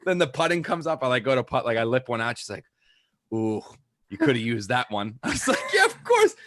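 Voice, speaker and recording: A young man talks quickly on a podcast, spinning a rambling, casual story packed with "like" and acted-out quotes. His voice sits at an ordinary middle pitch and sounds close and dry, with little room around it. The pace rarely lets up. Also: no room sound. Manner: rambling anecdote full of "like", animated quoting. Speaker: podcast co-host.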